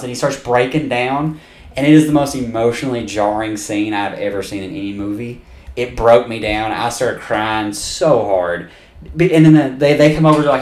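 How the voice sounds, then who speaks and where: Podcast man, mid pitch, animated storyteller acting out quotes, swears freely, roomy echo. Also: moderate pace. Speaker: podcast co-host. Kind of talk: casual chat.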